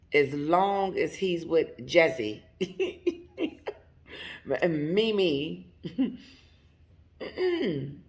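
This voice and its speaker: A woman in a casual commentary, talking straight to her viewers with lots of emphasis and frequent laughter. Her voice has a gravelly edge, her pitch swings widely, and she takes her time getting the words out. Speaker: commentary channel host.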